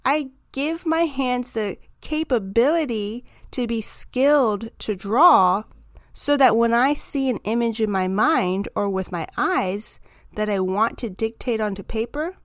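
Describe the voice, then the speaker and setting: A woman hosting a self-help podcast, talking through her ideas in a calm, reflective, encouraging monologue. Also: a little high, measured pace, no echo, studio quality. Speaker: podcast host.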